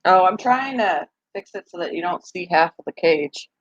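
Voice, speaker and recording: A woman's voice: on the low side, expressive, moderate pace, highs cut off. Gushing chatty woman talking to viewers. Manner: chatty, gushing, laughs often. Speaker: pet channel host. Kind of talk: casual live chat to viewers.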